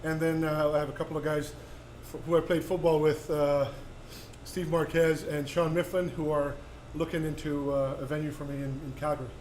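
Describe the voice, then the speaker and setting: A man's voice: a little high, little pitch movement, a little fast, darkish tone. A man chatting as a guest author on a cooking show, enthusiastic, often stumbling and repeating words. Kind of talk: casual chat. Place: kitchen studio. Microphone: condenser mic. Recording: echoey room, faint background noise.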